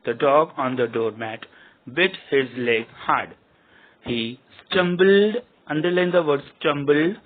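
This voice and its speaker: A male teacher reading a story aloud to a class, dictating words to underline and repeating their meanings, recorded with a tinny phone-like sound. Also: medium pitch.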